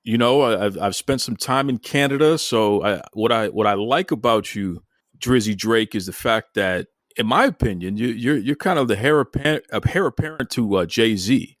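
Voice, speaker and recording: Boston-accented male podcast host, playful and halting, with a bouncy, animated voice. Dry, close recording. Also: mid-range voice, dry recording. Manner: jokey, stammering, lively teasing. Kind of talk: casual interview chat.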